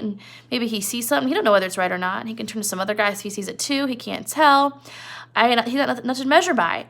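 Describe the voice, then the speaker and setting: A woman's voice: on the high side, gravelly, fairly bright tone. A woman voicing a lonely older male stable hand who taunts and broods.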